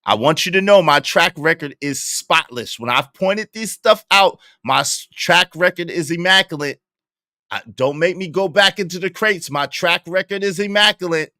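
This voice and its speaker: A young man with a Brooklyn accent, giving slangy, animated live-stream commentary and laughing often. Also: high voice, moderate pace, dry recording, studio quality. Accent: Brooklyn New York. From Brooklyn, New York. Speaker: streamer reacting to a show.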